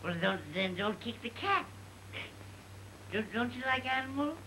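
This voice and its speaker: A man playing a rambling, sentimental comic storyteller in a 1930 film comedy sketch, halting and mock-tearful. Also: very high voice, animated, noisy background.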